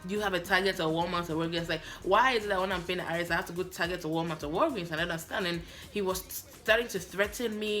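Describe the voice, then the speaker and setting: A woman from Africa telling a story in a lively vlog, acting out both sides of her phone calls. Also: on the low side, rapid-fire, few pauses, faint music behind. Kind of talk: animated story-time vlog.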